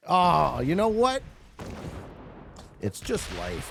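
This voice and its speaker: A man streaming a strategy board game, chatting casually with viewers and swinging from low murmurs to loud shouts. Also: huge pitch swings, a little slow, creaky, pauses often, slight background noise. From Canada.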